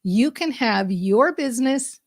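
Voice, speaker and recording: A woman hosting a podcast, giving an upbeat, emphatic motivational monologue that speeds up and slows down for effect. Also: fairly high pitch, expressive, no room sound, clean studio sound. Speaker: podcast host and mindset coach.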